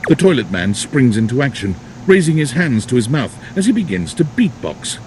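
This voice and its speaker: A man's voice: mid-range voice, very animated, normal speed, background noise, natural voice. A man narrating a video game in a dry, wry scripted style.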